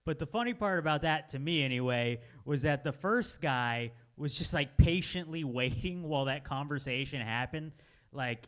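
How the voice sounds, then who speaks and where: A male comedian spins a rambling anecdote on stage, chuckling often and sinking to a low mumble when he quotes people. His pitch sits in an ordinary middle range. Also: moderate pace, a bit bright, smooth. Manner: laughs through his own story, drops to mutters for quotes. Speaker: stand-up comedian. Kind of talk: stand-up storytelling.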